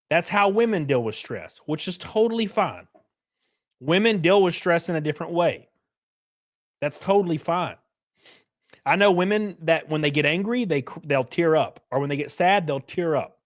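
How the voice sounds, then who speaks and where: A male streamer in a casual live-stream rant, blunt and profane, who reads chat aloud between points. His voice sits a little high for a man and swings widely in pitch. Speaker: streamer host.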